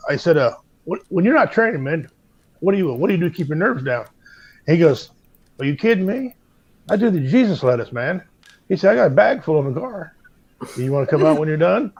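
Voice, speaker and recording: A man's voice: fairly high pitch, animated, fast talker, a little mellow, slightly rough. A man on a casual talk show telling a folksy, drawling story with a lot of slang. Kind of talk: casual bar-room chat. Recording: dull lo-fi sound.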